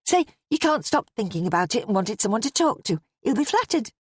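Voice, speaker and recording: A woman voicing a shrewd young woman who talks in a brisk, practical way. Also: fairly high pitch, sing-song, husky, no echo, pitched above the performer's own voice.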